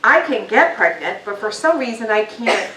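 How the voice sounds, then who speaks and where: A woman's voice: a little high, animated, moderate pace, sharp tone. Woman, guest speaker, motivational talk, candid, casual ums, distant from mic, echoey hall. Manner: candid, conversational, frequent fillers. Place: meeting hall with a live audience. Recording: roomy, distant, faint noise.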